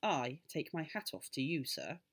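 A woman reading aloud, voicing a tired, injured working father who speaks in low, terse, understated lines. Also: sing-song, normal speed, heavily acted. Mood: dry calm.

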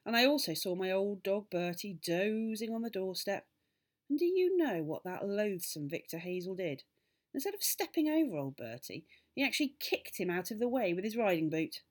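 A woman reading aloud, voicing an excitable, mischievous little old village doctor who rises to loud indignant bursts. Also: medium pitch, lightly acted. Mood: gleeful storytelling.

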